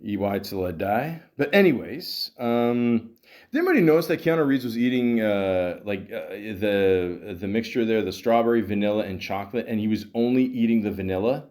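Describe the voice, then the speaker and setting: A man's voice: lowish voice, animated, normal speed, a little mellow. Man, middle-aged, from Canada, podcast host, rambling, profane, casual hockey chat, plenty of fillers.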